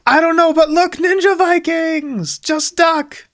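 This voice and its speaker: A man's voice: on the high side, normal speed, pushed and bright, no room sound, studio quality. A man doing a hammy pirate-captain hero. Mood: shouting. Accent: put-on pirate accent. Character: excitable young male hero playing pirate captain.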